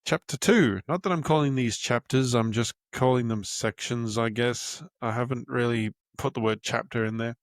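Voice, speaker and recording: A young man reads from his own book in a mid-pitched, everyday voice, breaking off for candid asides and stopping to find his place. The sound is dry and close, with no room around him. He swears freely and keeps a relaxed, unpolished tone. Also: moderate pace, few pauses, dry recording. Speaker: podcast host and author.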